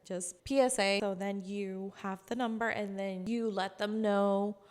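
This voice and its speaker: A woman's voice: medium pitch, steady tone, a little mellow. Woman, insurance sales trainer, chatty, acts out calls, reverb-heavy room. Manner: chatty, acts out customer calls in quick voices. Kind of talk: casual instructional talk.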